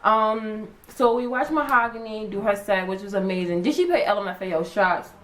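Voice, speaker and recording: A young woman vlogger chatting casually, acting out her own reactions with big jumps in pitch. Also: moderate pace, poor audio. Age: young adult. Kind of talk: casual chat.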